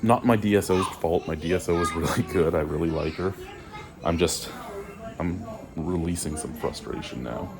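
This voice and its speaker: A man venting his frustration in a vlog, ranting and swearing freely and climbing toward near-shouting. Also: low voice, moderate pace, creaky, music in the background. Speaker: vlogger and store worker.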